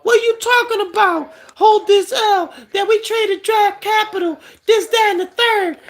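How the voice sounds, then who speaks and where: Shrill, brash fan persona; loud, mocking, shouting taunts. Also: male voice, fairly even intonation, normal speed. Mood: taunting. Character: brash high-pitched male trash-talking fan.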